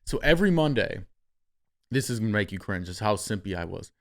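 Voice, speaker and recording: A young man hosting a podcast, telling a story in a casual, animated way, swearing freely and acting out what people said. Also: fairly low pitch, fairly quick. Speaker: podcast host.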